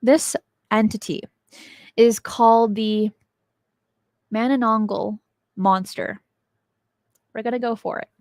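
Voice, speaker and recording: A woman's voice: a little high, fairly even intonation, takes it slowly, pauses often, a little mellow, no room sound, clean studio sound. A woman hosting a show on unexplained mysteries, chatting casually as she tells a scary legend and laughs at her own jokes. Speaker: podcast host. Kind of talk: casual storytelling about legends.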